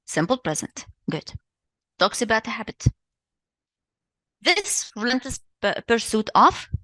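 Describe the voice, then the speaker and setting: An English teacher with a Tunisian accent, a native Arabic speaker, leads a live exam revision lesson, repeating answers and praising students often. Her fairly high, slightly bright voice is recorded dry, with clean studio sound.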